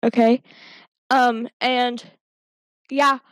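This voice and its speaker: Giggly high-voiced woman podcast host. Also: level tone, drawn-out words, no room sound, poor audio. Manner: giggly, bursts into yelling. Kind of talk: chaotic casual chat. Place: home room. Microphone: handheld microphone passed around.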